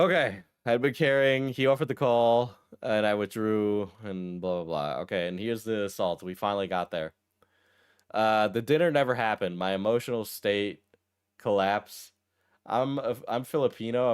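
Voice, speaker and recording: A male streamer casually reading a post aloud and breaking off for wry, deadpan asides. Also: fairly low pitch, smooth. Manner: wry, deadpan asides between read passages. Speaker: streamer reacting to a text post.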